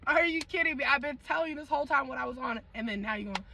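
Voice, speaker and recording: A young woman vlogger tells a dramatic storytime with lots of slang and side comments to her audience. Her voice sits high and sounds sharp and bright. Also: racing, creaky, slight background noise, poor audio. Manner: animated, dramatic storytelling with slang and asides to viewers. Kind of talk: storytime vlog.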